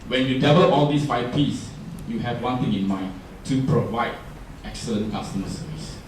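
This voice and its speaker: A man's voice: medium pitch, fairly even intonation, normal speed, slight background noise. A man with a Singaporean English accent gives a chatty workshop talk and keeps asking the audience questions. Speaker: workshop speaker. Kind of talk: workshop presentation. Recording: roomy echo, distant mic.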